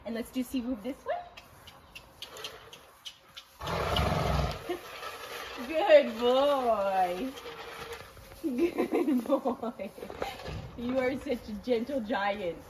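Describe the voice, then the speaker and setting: Young woman cooing good boy at her horses, slow and high, faint barnyard sounds behind. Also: lively intonation, background noise. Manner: sweet baby-talk praise with frequent giggles. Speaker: vlogger. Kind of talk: casual vlog talk to her horses. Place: outdoors at a horse stable.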